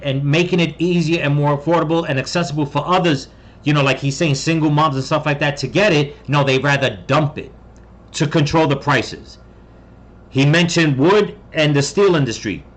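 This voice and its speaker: American guy ranting casually, kinda high voice, keeps going "okay?" and restarting. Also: moderate pace. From United States. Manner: rambling, repeats "okay?" often, restarts. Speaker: commentator. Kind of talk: casual commentary reading an article.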